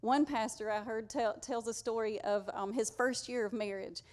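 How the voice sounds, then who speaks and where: Woman preacher, slightly high voice, earnest and conversational sermon delivery. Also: steady tone, normal speed. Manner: conversational, earnest, uses y'all.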